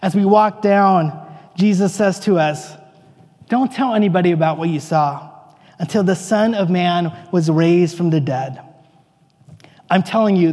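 A man playing an excitable, rambling apostle. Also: sits high, big-room sound. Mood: reflective. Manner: rambling, earnest, wide-eyed storytelling. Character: excitable, bewildered male apostle fisherman. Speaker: actor in a church dramatic monologue. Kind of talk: first-person dramatic monologue.

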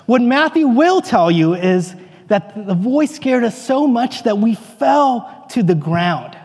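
A man playing an excitable, rambling apostle. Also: very high-pitched, slow, breathy edge, big-room sound, full character voice. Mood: awed. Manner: rambling, earnest, wide-eyed storytelling. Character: excitable, bewildered male apostle fisherman. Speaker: actor in a church dramatic monologue. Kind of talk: first-person dramatic monologue.

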